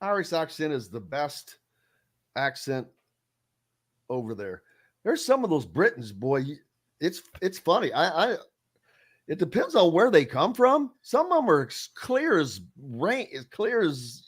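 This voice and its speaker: A man hosting a casual sports radio talk show, halting and restarting often. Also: a little high, very animated, husky.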